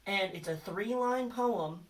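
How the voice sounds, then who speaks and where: A man with a high voice speaks at a slow pace, teaching children through a recorded lesson. He's encouraging and patient, giving letter hints as he quizzes them, and his voice comes across slightly far from the mic.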